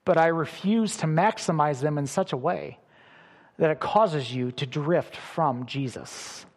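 Middle-aged guy preaching, kinda high voice, gets loud then real soft, big church echo. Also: unhurried. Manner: animated preaching with sudden loud bursts and soft drops. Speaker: pastor. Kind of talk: sermon.

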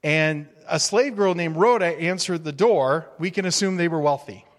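A male pastor preaching a sermon in a relaxed, humorous, conversational way, acting out little quotes. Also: on the high side, normal speed. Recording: reverberant hall.

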